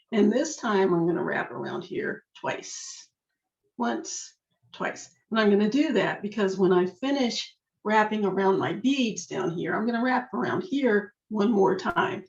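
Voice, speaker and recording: Slightly hoarse woman, crafting tutorial, unhurried delivery, echoey room, dull lo-fi sound. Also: medium pitch. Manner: chatty, talks to herself while working. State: slightly hoarse, losing her voice. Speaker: jewelry-making instructor. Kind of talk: step-by-step craft demonstration.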